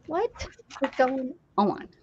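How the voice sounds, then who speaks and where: A woman hosting a casual craft livestream, chatty and animated, greeting viewers by name. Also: high-pitched, slow, breathy edge, lo-fi sound.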